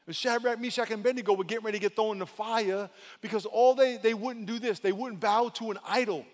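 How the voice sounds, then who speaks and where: A man preaching a sermon with a high voice, animated and quick to act out the voices in his stories. His words ring out with a long reverb from a large church hall. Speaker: pastor.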